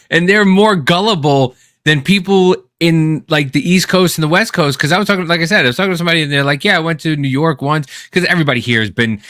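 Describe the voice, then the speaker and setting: High-voiced, profane, excitable man. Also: no room sound, studio quality. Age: adult, has an ex-wife. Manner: profane, animated storytelling with sudden loud outbursts. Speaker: podcast co-host. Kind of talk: casual chat.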